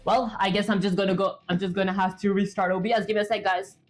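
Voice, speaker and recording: While coding on a livestream, a woman talks casually to her viewers in a mid-range voice with a flat delivery and a quick pace. She rambles, reaches for words with fillers, and thinks aloud in a chatty, self-talking way. Soft music plays in the background, picked up by her webcam streaming setup.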